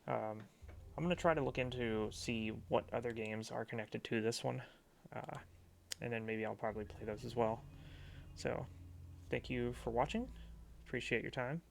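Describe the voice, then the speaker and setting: A man's voice: medium pitch, normal speed, gravelly, slight background noise. A male game streamer wrapping up his video in a hesitant, casual way, with plenty of fillers. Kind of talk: casual outro.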